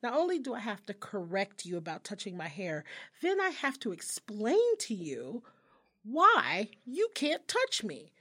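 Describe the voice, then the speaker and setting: Young woman on a podcast, kinda high voice that swings all over, cussing a lot and doing everyone's lines in her stories. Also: unhurried, husky. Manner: animated storytelling, profane, acts out quotes. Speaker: podcast co-host. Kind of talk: casual chat.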